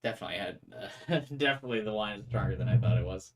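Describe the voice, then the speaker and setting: A man's voice: lowish voice, animated, rapid-fire. A young man casually commentating a game and chatting with viewers in a rambling way. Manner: rambling, chatty, talks to chat. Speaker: gaming streamer. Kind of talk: casual let's-play commentary.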